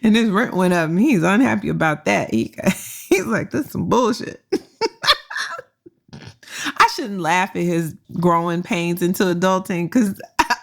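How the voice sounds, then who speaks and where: A woman's voice: fairly low pitch, vocal fry, fairly bright tone. A woman hosting a career podcast, telling a story with frank, slangy and profane advice, laughing often. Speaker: podcast host and career coach.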